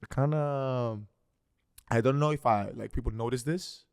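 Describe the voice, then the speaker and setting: A man's voice: mid-range voice, moderate pace, a little mellow, clean tone, no room sound. Playful Greek-accented man hosting, dry sound. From Greece. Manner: playful, teasing, repeats and restarts words. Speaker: host. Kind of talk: casual interview chat.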